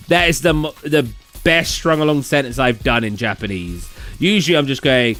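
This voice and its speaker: A man's voice: mid-range voice, expressive, normal speed, fairly bright tone, faint music behind. A man with a southern English accent, rambling casually as a gaming streamer who answers his chat.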